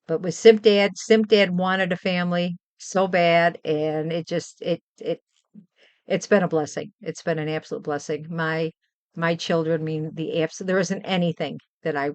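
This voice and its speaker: A woman's voice: fairly low pitch, fairly even intonation, measured pace, dry recording. A middle-aged woman from Western New York, chatting casually and heartfeltly with her stream viewers, rambling and repeating herself. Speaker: livestream host.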